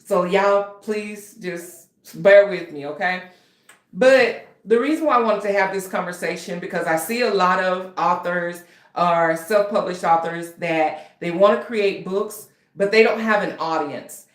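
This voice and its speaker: Speaking a little slowly in a lowish voice, a woman author and writing coach hosts her channel, chatting casually to her viewers with a touch of nerves. It's a livestream with roomy acoustics.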